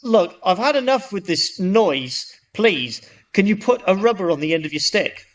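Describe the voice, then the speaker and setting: A man's voice: extremely high pitch, huge pitch swings, fairly quick, pitched above the performer's own voice, full character voice. A man voicing an impatient, annoyed family man in a told joke, whining in a raised voice. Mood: exasperated.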